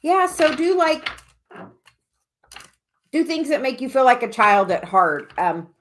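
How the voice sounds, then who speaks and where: Woman host doing relaxed live card readings; higher voice, loose and meandering delivery. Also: slow pace, slight background noise. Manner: rambling, many fillers and restarts. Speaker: oracle card reader hosting a livestream. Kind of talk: casual livestream reading.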